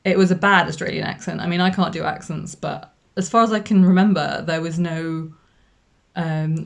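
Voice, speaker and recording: Chatty woman with a creaky voice, giving her honest take on a film at home. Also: low voice. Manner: chatty, frank, with fillers. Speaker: co-host film reviewer. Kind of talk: casual film review.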